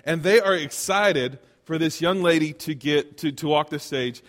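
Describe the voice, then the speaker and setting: Brief: male comic, self-deprecating storyteller, high voice, reverberant hall. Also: normal speed. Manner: animated, self-deprecating anecdotes with acted-out quotes. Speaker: comedian. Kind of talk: stand-up storytelling. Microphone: handheld microphone.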